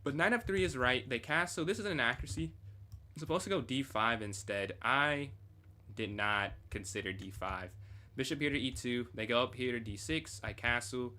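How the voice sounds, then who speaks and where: A man's voice: medium pitch, moderate pace, sharp tone. A young man casually reviewing his own chess game on a stream, thinking aloud and chatting with viewers.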